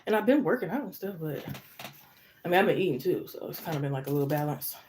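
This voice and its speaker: A woman's voice: sits low, animated, fast talker, noisy background. A woman doing a casual live tarot reading, out of breath, chatting to viewers by name. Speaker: tarot reader.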